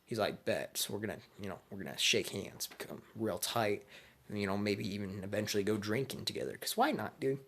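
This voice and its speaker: A man's voice: on the low side, expressive, brisk, fairly bright tone. A man casually telling a made-up fan story, crude, slangy and rambling.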